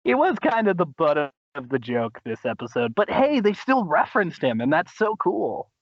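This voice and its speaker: An enthusiastic man hosting a podcast, rambling through a recap with lots of fillers. His voice sits a little high. The sound is dull and lo-fi, and very dry. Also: very animated, moderate pace, no echo. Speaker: podcast host. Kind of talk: casual chat.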